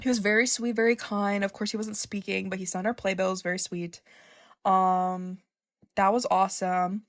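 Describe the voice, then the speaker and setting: A young woman telling a casual storytime, excitable and profane, gushing and laughing often. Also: medium pitch, normal speed, no room sound, studio quality. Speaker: vlogger.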